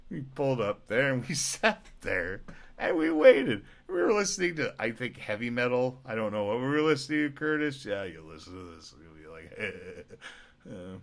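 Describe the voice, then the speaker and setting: A man's voice: on the low side, animated, moderate pace, a bit bright. A man, drunk, telling rambling profane stories as a podcast host, from Alberta in Canada. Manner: rambling, profane, laughing asides.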